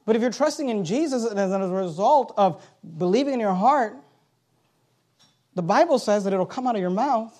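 A man preaching a sermon, reading scripture aloud and swinging from quiet asides to loud, slowed-down emphasis. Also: high voice, animated. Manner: reads King James scripture aloud, slowing for emphasis.

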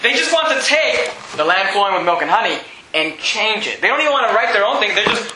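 Male pastor, high bright tone, scornful emphatic sermon, roomy hall. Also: big pitch swings, a little fast. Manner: emphatic, mocking, quizzes the congregation. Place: church hall with congregation. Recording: echoey church hall.

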